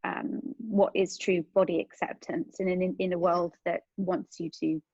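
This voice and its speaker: Gravelly, husky woman host, dull audio. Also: on the low side, flat delivery, a little mellow, no echo. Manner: halting, thoughtful, restarts often. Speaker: podcast host. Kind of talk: conversational interview.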